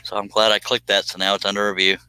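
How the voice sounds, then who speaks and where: A man's voice: lowish voice, flat delivery, quick pace, pushed and bright, clear, resonant tone, no echo, rough recording. A man hosting a casual live stream, chatting in a folksy, joking way while he cuts on a scroll saw in his workshop. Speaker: livestream host.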